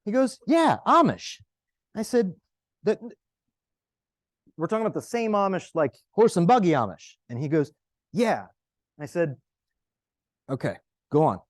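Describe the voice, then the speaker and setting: A man giving a conference talk, telling stories in a conversational, animated way and checking in with the audience with "right?" and "okay?". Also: fairly high pitch, measured pace, pauses often, no room sound, clean studio sound. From United States. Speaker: conference presenter.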